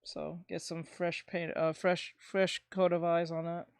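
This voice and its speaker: A woman streamer chatting casually, rambling and swearing, with bursts of loud ranting. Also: fairly low pitch, flat delivery, a little slow, dry recording, studio quality. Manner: rambling and profane, breaking into loud ranting and laughter. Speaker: streamer reacting to videos. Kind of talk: casual chat.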